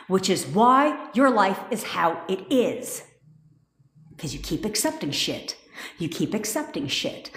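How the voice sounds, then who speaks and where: A woman's voice: medium pitch, big pitch swings, takes it slowly, a bit bright. A woman manifestation coach giving a blunt, profanity-laced pep talk on a live stream. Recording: echoey room.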